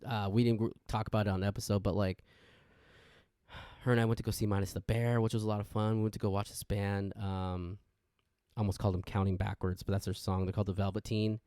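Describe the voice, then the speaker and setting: Rambling, low-voiced podcast host. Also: male voice, fast talker, clear, resonant tone, dry recording, clean studio sound. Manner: rambling storytelling with sudden excited jumps. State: wired on energy drink. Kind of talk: casual solo intro rant.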